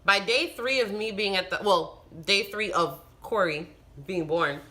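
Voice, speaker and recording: A woman vlogger speaks straight to camera in an easy, conversational storytelling way. Her voice is bright and forward, and she leans hard into the key words with animated emphasis. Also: mid-range voice, a little slow. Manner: animated, emphatic retelling with frustrated outbursts. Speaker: vlogger and new mother.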